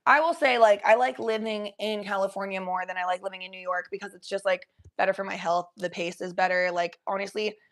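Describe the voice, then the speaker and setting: A woman's voice: medium pitch, steady tone, a little fast, hardly any pauses, fairly bright tone. A young woman from the Cincinnati area, chatting casually on a livestream, swearing freely and reading chat aloud. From Cincinnati area, USA. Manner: chatty, swears freely, reads chat aloud, slips into baby talk for pets.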